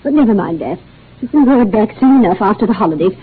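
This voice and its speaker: An actress playing a domineering, scolding wife in a 1940s radio drama, on a tinny old broadcast. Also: female voice, mid-range voice, animated, fast talker, breathy edge. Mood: nagging. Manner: scolding, commanding, belittling. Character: domineering bossy middle-aged wife.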